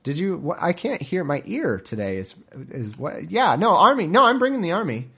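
A man's voice: high-pitched, very animated, gravelly, sharp tone, husky, voice pushed up, full character voice. A man voicing a flustered man who stammers and dodges awkward questions. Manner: evasive, stammering, quick denials.

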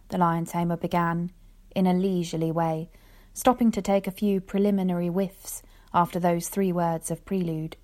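A woman narrating an old story in an even, measured reading. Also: lowish voice. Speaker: audiobook narrator. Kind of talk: scripted narration.

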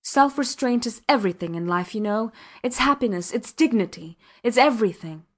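A woman reading the lines of a proud, agitated husband who lectures his wife loudly and with authority. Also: medium pitch, expressive, normal speed, close to an everyday voice. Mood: indignant. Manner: indignant and authoritative, loud outbursts.

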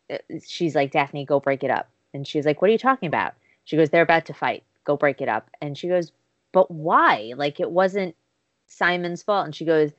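A podcast co-host recaps a show's episode in casual chat, animatedly retelling scenes and acting out quoted dialogue. Her voice sits low. The sound is lo-fi with no echo.

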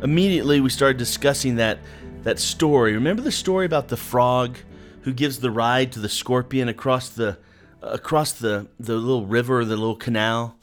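A man's voice: mid-range voice, normal speed, soft background music. A man giving an earnest, conversational devotional talk, speaking directly to the listener.

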